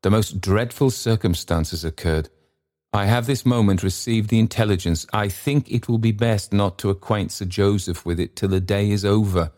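A man's voice: fairly low pitch, normal speed, darkish tone, close to an everyday voice. A man voicing a nervous, agitated male secretary who speaks in urgent tones. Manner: flustered, urgent.

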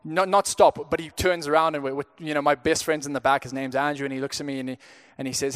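A man's voice: on the high side, flat delivery, fast talker, hardly any pauses, fairly bright tone, clean tone. Stammering young man preaching a sermon. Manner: conversational, frequent stammered restarts. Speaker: pastor. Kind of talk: sermon storytelling.

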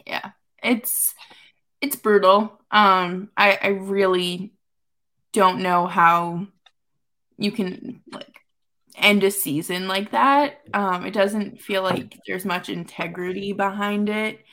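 A woman hosting a casual late-night hockey podcast, expressive and wry, exasperated with her team. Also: mid-range voice, slow. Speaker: podcast host.

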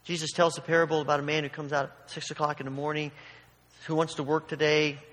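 A man preaching a sermon, telling a story with animated asides and acting out the quoted voices. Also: a little high, quick pace. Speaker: pastor. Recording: long hall reverb.

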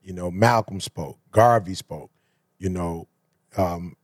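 A man's voice: sits low, slow, no echo. A man hosting a casual conversation, asking reflective questions. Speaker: host.

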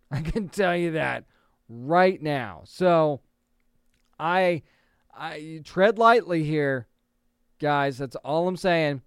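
A man in his thirties or forties hosting entertainment news commentary, chatty and opinionated, with quick asides to the audience. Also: high voice, lively intonation, smooth, no room sound, clean studio sound. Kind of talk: casual commentary.

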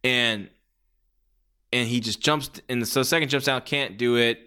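A man's voice: mid-range voice, a little slow, pushed and bright, clear, resonant tone. A man giving a casual, rambling spoken review of a wrestling match. He swears freely and often restarts his sentences.

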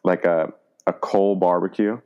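A man's voice: low-pitched, unhurried, clean tone, lo-fi sound. A young man, chatting casually and laughing through fillers. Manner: relaxed, laughing, trailing fillers. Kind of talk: casual chat.

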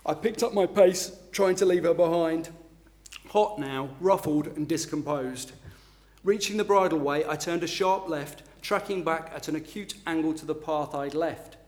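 A man's voice: fairly high pitch, normal speed, a little mellow. A middle-aged man, an author from England, giving a self-deprecating talk with filler ums and then reading a passage from his book.

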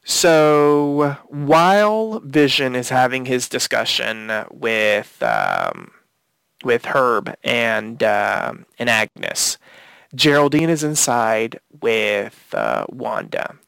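A man co-hosting a casual podcast, walking through a TV episode beat by beat. His unhurried voice is gravelly yet smooth. The recording is dry and close. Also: medium pitch, no room sound. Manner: animated play-by-play recap, retelling scenes with quotes. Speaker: podcast co-host.

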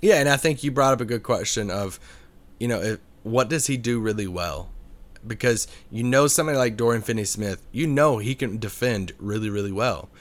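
A man co-hosting a sports podcast, talking earnestly and thinking out loud. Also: lowish voice, a little fast. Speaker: podcast co-host. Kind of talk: casual sports podcast chat.

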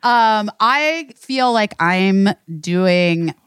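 A woman's voice: mid-range voice, lively intonation, very slow, smooth, no room sound. Rambling, candid woman, dry close sound. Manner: rambling, emotional, swears freely. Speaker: podcast co-host. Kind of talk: candid casual chat.

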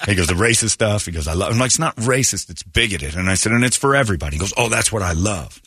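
A man's voice: fairly low pitch, lively intonation, quick pace, a bit bright, husky, dry recording. A man hosting a morning radio show, talking in a crude, joking, rambling way at a studio mic. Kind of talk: casual morning radio chat.

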